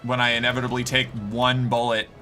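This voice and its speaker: A man streaming a game, giving anxious commentary, swearing and talking himself calm with repeated phrases. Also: medium pitch, brisk, music in the background. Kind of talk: gameplay commentary.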